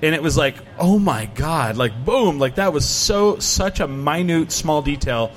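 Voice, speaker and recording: A man's voice: a little high, lively intonation, a little slow. A middle-aged American man in casual chat, telling rambling travel stories and acting out quotes. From United States. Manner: rambling storyteller, many "like" fillers, acts out quotes.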